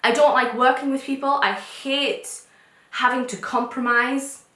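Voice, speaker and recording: A young woman from North East England with a posh English accent, talking candidly to camera in quick bursts with restarts. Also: high voice, fairly even intonation, sharp tone. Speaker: vlogger. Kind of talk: casual talk to camera. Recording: echoey room.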